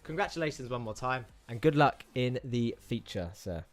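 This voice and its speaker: A man's voice: medium pitch, expressive, moderate pace. A man with a British accent hosting a live sim racing stream, interviewing drivers, reading chat aloud and calling the race. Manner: chatty, rambling, reads chat messages aloud. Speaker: sim racing host and commentator.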